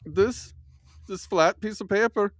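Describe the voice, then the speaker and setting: A man voicing a bumbling fake German male expert, with a put-on German accent that slips into Irish and halting, broken English. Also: sits high, no echo, clean studio sound. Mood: mock serious. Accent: put-on German accent, slipping into Irish. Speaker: show host in disguise.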